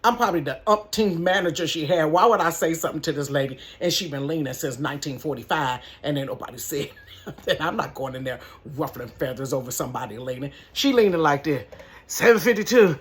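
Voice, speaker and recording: A middle-aged woman who manages a store tells a casual storytime vlog from her bedroom, chatty and animated, talking straight to her viewers. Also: low-pitched, fast talker.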